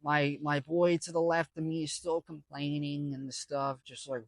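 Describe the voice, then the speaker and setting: A man's voice: fairly high pitch, level tone, measured pace, no echo. A young man casually telling a story, rambling with lots of fillers and restarts. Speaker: vlogger.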